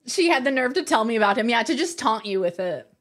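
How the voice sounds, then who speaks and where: A woman's voice: a little high, big pitch swings, fast, a bit bright. A woman livestreamer in casual chat, reading her viewers' messages aloud and laughing often.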